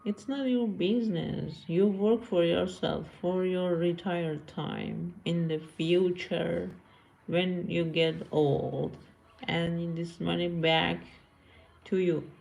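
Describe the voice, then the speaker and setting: A woman's voice: lowish voice, fairly even intonation, slow, gravelly, a little mellow. A woman live streamer chatting casually with viewers, blunt and scolding, answering comments and switching between languages.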